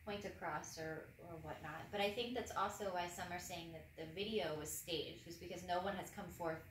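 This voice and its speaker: A woman's voice: on the low side, fairly quick. A woman joining a casual podcast discussion, adding short remarks and agreement. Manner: conversational, adds brief agreeing remarks. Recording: echoey room, distant mic, faint noise.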